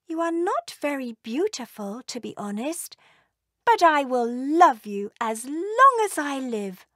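A woman putting on a gushing, high mother dragon. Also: sing-song, slow pace, fairly bright tone, dry recording, studio quality, heavily acted. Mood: doting. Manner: gushing, sing-song. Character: doting female mother dragon, big and tender. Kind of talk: storybook read-aloud.

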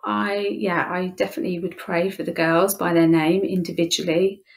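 An English-accented woman, a youth leader appearing as an interview guest, shares a heartfelt personal story in conversation. Her voice is fairly low and flat, moving at a normal speed, and she restarts her sentences often.

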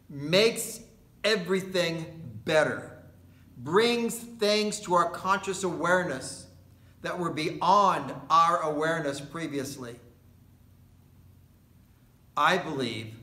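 A pastor preaching a sermon, slow and deliberate, with long pauses and emphatic repetition of key words. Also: male voice, fairly high pitch, fairly bright tone, roomy sound. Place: indoor worship space at a retirement community.

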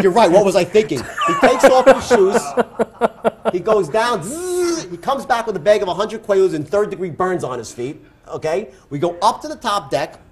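Brief: man, 50s, New York accent, animated stage storyteller, punchy delivery, acts out voices, slightly higher voice. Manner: loud, laughing, acts out other voices. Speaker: interview guest.

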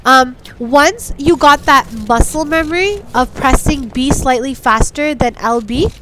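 A woman's voice: high-pitched, unhurried, noisy background. A woman hosting a casual gaming tutorial, sick with a stuffy nose, patiently walking through steps and often checking in with "okay?". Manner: patient step-by-step instructing, frequent "okay?" check-ins.

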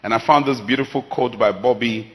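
A man's voice: medium pitch, fairly quick. A middle-aged man preaching a sermon, emphatic and dramatic, his volume rising and falling sharply. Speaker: pastor.

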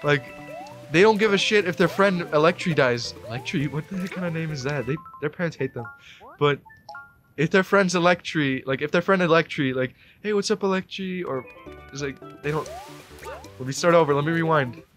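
A young man in his late teens giving rambling let's play commentary into a desk mic, breaking into sudden excited yelps. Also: fairly high pitch, brisk, faint music behind. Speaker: gamer.

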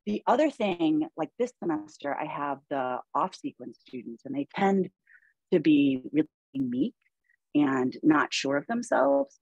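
Husky low-voiced woman instructor. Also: dry recording, rough recording. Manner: conversational, many fillers and restarts, quotes herself. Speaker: chemistry instructor. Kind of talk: panel discussion, anecdotal.

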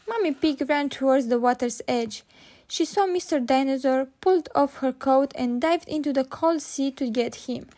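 Woman reading a kids' story, high voice. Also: normal speed, dark tone. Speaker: storybook reader. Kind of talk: children's storybook read-aloud.

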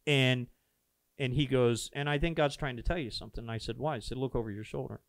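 A man's voice: mid-range voice, fast talker, dry recording. Earnest man telling a story on a podcast. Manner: earnest, animated retelling with quoted dialogue. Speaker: pastor telling a founding story. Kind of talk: casual storytelling conversation. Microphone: podcast microphone.

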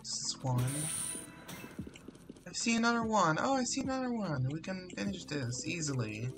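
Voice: mid-range voice, lively intonation, moderate pace, music in the background. A channel host giving casual commentary while playing an online game, who mumbles and often trails off into exasperated exclamations. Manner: frequent exasperated exclamations and swearing. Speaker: Roblox gameplay streamer.

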